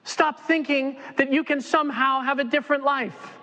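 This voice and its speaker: A man voicing a scornful male enemy spirit, shouting taunts in a high, strained voice. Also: steady tone, moderate pace, lo-fi sound. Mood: taunting. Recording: long reverb in a church hall.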